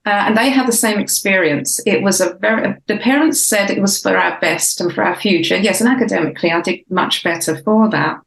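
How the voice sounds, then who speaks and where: Author guest, woman, 60s, faded Cockney accent, mid pitch, thoughtful with lots of fillers, echoey room. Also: fairly quick, creaky, hardly any pauses. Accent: English, faded Cockney. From Southeast London, England. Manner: reflective, many fillers and restarts. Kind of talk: casual interview talk.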